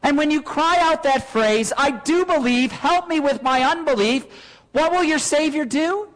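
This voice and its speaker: A man's voice: very high voice, expressive, unhurried, a bit bright, in a large hall, poor audio. A man preaching a sermon as pastor, earnest and full of rhetorical questions.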